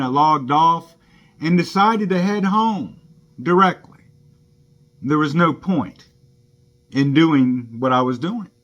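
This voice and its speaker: A rideshare driver gives an indignant, aggrieved first-person account of a run-in with police. His voice is a little high and a bit bright, and the recording's highs are cut off.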